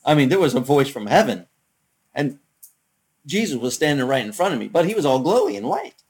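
A male pastor preaching in a loose, conversational way, acting out the people he quotes. His voice sits fairly high for a man and swings widely in pitch. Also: brisk, gravelly, slightly rough. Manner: conversational, animated, acts out quotes. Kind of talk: sermon.

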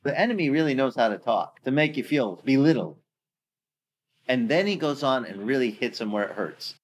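A man preaching a sermon in a lively, slangy, conversational way. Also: mid-range voice, normal speed.

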